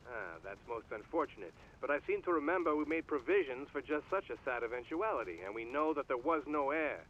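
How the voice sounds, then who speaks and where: A man voicing a brisk, businesslike law-firm boss in a video game, heard on a phone call. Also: a little high, animated, a bit bright, a little hiss or hum.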